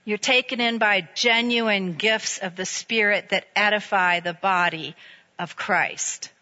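Bright-voiced woman preaching a sermon. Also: mid-range voice, measured pace, lo-fi sound. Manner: lively, conversational preaching with playful asides.

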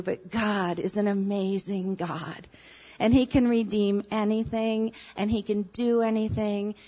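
A woman hosting a women's ministry event, introducing the speaker in an earnest manner with playful asides. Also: mid-range voice. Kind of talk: sermon-style introduction. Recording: dull lo-fi recording.

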